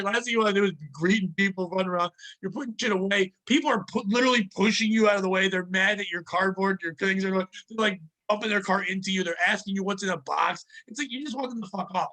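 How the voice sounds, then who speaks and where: A man co-hosting a podcast, telling work stories in a casual, profane, animated way and acting out the people in them. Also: high voice, rough recording. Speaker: podcast co-host. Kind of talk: casual storytelling chat.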